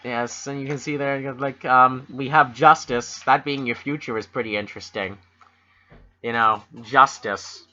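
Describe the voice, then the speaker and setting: A man's voice: medium pitch, steady tone, moderate pace, pushed and bright. A Canadian man co-hosting a podcast, chatting casually with wry, self-mocking humor and mock-solemn tarot readings. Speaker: podcast co-host. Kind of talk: casual joking chat. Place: home room at a computer. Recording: dull lo-fi home computer mic.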